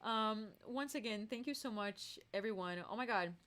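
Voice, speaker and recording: A woman's voice: on the high side, moderate pace, a bit bright. A young adult woman chatting casually between songs on her live stream, laughing often as she talks. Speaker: musician hosting a live stream.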